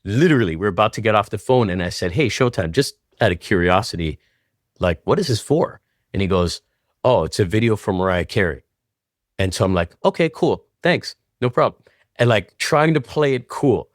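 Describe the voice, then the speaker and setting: A man from Canada with a low voice, recorded close with a dry sound. He tells an interview story with lots of energy and acts out both sides of old phone calls. His voice shoots up high whenever the excitement comes back to him. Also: brisk, no room sound. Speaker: guest choreographer.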